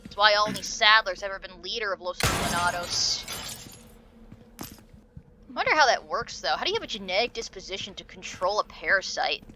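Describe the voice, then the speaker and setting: A young woman giving excitable let's play commentary, swearing and shrieking at the game. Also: mid-range voice, a little fast, a little hiss or hum. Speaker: gaming video creator.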